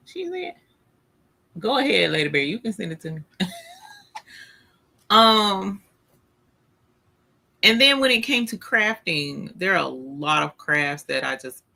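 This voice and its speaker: A man's voice: on the high side, creaky, pushed and bright. A man hosting a casual livestream, greeting viewers by name and talking with playful exasperation. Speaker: livestream host. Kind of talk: casual live-stream chat with viewers.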